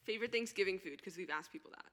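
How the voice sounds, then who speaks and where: A teenage girl in a casual group chat, teasing friends with quick, laughing remarks. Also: mid-range voice, fairly bright tone. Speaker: group member.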